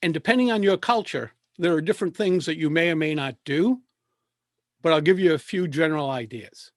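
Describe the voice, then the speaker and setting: Measured man coaching over a video call. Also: fairly high pitch, no room sound, clean studio sound. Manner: measured, with deliberate pauses. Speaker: speaking coach. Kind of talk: presentation coaching talk.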